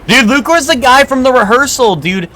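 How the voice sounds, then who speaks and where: A man's voice: very high-pitched, expressive, moderate pace, pushed and bright. A young man streaming a game live, rambling and joking with crude banter to his chat. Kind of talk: casual live gameplay chat.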